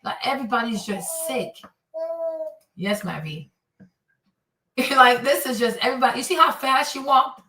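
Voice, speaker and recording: A woman host with a bright, lively voice talks casually to her viewers and acts out quotes as she reacts. Her voice sits a little high and sounds roomy, as if the mic is some way off. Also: normal speed, long pauses. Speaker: commentary host. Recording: roomy and slightly distant.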